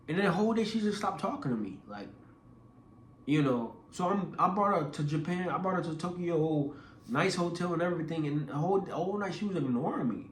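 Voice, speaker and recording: A man's voice: a little high, fast talker, roomy sound, slight background noise. A young man telling a personal story casually, acting out voices with lots of restarts. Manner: animated, acts out quoted voices; casual, repeats words and restarts. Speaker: vlogger.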